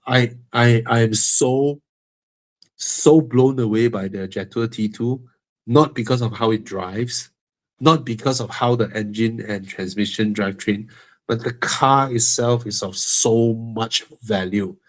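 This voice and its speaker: A man's voice: medium pitch, a little slow. Malaysian guy doing a live car q&a, blocked nose, blunt jokey opinions. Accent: Malaysian English. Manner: frank, joking, opinionated. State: stuffy nose, breathing heavily. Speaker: host answering car-buying questions. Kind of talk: live Q&A stream.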